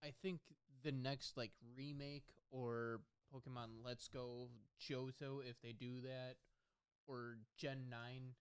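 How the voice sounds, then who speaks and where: Male co-host, clear resonant tone, mid pitch, halting casual delivery. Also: flat delivery. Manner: hesitant, slow and deliberate. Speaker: podcast co-host. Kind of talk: casual chat.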